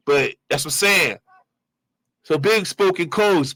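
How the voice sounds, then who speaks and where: A man hosting his own show, giving loose, slangy street commentary and shout-outs. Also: a little high, normal speed. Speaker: show host reacting to clips. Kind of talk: casual commentary.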